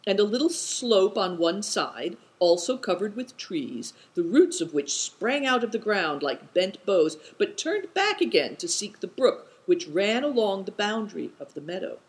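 An audiobook narrator reading an adventure tale. The delivery is measured and descriptive, and the pitch rises and falls expressively. The voice sits in a middle register. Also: very animated, rough recording.

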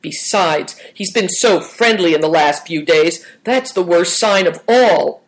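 Thoughtful, cautious boy, measured , read by a woman. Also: on the low side, low-quality recording.

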